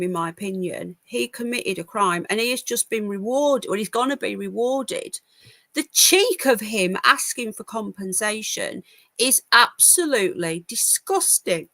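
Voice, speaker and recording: Tired uk woman doing a home news livestream, bright voice, dry close sound, opinionated and chatty. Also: medium pitch, lively intonation, a little slow, no echo. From United Kingdom. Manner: chatty, opinionated, reacting to chat comments. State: tired, yawning. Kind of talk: casual live-stream commentary.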